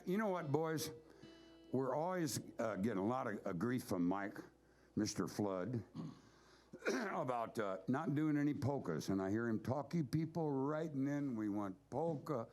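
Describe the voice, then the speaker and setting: A man's voice: fairly low pitch, darkish tone. A man leading a band, chatting to the audience between songs in a folksy, rambling way. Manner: folksy, rambling, says "by God". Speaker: bandleader and singer. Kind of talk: casual stage banter. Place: live show venue with audience. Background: guitar playing.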